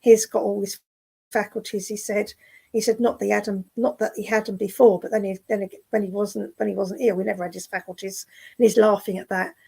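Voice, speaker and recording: A woman working as a spiritualist medium in an online service, speaking gently and affectionately, with many fillers and restarts. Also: medium pitch, gravelly, slightly rough, poor audio. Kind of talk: clairvoyant readings in an online service. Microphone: video call.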